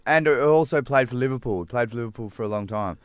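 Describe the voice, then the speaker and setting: A man's voice: mid-range voice, fairly quick, clear, resonant tone, dry recording, studio quality. A man co-hosting breakfast radio, teasing and joking. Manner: teasing, jokey co-host. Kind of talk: casual radio banter.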